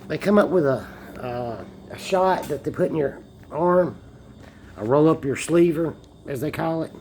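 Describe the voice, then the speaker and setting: A man's voice: mid-range voice, darkish tone, slight background noise. A man, a bit tipsy from beer, rambling and joking through a casual monologue recorded on a phone and swearing often. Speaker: vlogger.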